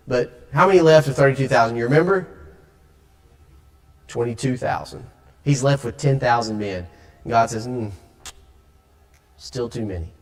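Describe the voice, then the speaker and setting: Southern man, young, preaching a sermon, quick asides and slow stressed phrases, fairly high voice, long church reverb. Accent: Southern American. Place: church sanctuary.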